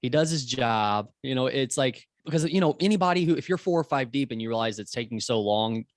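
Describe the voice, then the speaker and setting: A man's voice: mid-range voice, fast, no echo. A man co-hosting a podcast, chatting casually and laughing along with his partner. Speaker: podcast co-host.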